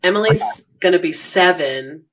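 A woman's voice: lowish voice, animated, measured pace, low-quality recording. A woman in her thirties co-hosting a podcast, throwing in wry, teasing quips. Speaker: podcast co-host. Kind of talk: casual chat.

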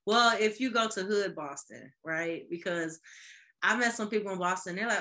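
A woman in casual podcast chat, animated, laughing often and acting out quoted voices. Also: medium pitch, normal speed. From Midwest.

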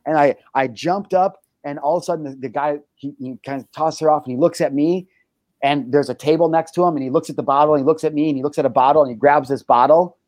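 A man's voice: a little high, fast, no echo. Young guy hosting a talk show, swears a lot, rambly with lots of ums, dry close sound. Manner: profane, animated storytelling with frequent fillers. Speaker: host. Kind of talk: casual storytelling on a talk show.

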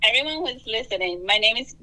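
A woman guest on a casual podcast, excitable and quick to laugh at her own stumbles. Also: fairly high pitch, crowd noise, poor audio. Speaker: podcast guest, dental hygienist.

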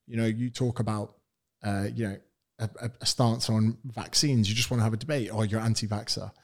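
A man's voice: on the low side, steady tone, a little fast. A man from England, a personal trainer guesting on a podcast, talking bluntly and with strong opinions. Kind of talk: casual interview chat.

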